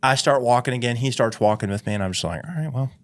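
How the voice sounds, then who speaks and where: A man in casual podcast chat who keeps looping back with "anyways" between bits of a rambling story. his pitch sits right in the middle for a man, neither high nor low, and he talks the way a co-host does when he is easing into a tale. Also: fast. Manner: rambling, filler-heavy storytelling with frequent "anyways". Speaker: podcast co-host and dog trainer.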